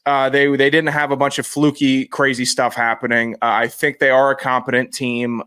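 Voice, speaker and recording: A man's voice: mid-range voice, a bit bright, no room sound. Young man from Virginia, dry recording. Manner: rambling, halting restarts. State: sore voice, coughing. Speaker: podcast co-host. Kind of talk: casual sports chat.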